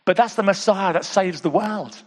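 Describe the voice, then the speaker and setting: High-voiced preacher in a reverberant hall. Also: male voice, moderate pace. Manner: swings between hushed intimate asides and emphatic exclamations; conversational, with repeated calls to the audience. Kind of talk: sermon.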